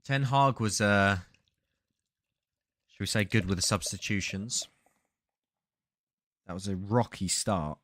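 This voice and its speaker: Rambling man, low-voiced. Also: slow, pauses often, a bit bright. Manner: rambling, self-interrupting storyteller. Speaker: sports card streamer. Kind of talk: casual live-stream chat.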